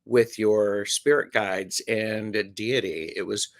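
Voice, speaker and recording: A man's voice: lowish voice, steady tone, takes it slowly, dry recording. A man appearing as a guest tarot reader on a live stream, chatting casually and joking along.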